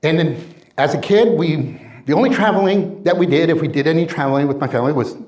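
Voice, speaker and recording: A middle-aged man giving an energetic motivational talk as a career coach, telling stories and acting out quoted people in playful voices. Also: fairly high pitch, fast talker, roomy sound.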